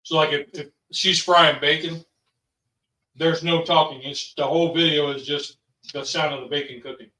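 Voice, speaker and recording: A man's voice: on the high side, steady tone, moderate pace, pushed and bright. A father hosting a family vlog, chatting casually and rambling with plenty of ums and sos. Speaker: father and channel host. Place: home kitchen. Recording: roomy, from a distance.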